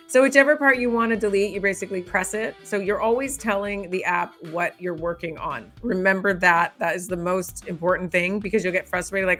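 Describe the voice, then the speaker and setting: A woman's voice: medium pitch, brisk, fairly bright tone, faint music behind. A woman hosting a casual editing tutorial, thinking aloud as she works and laughing often. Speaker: host.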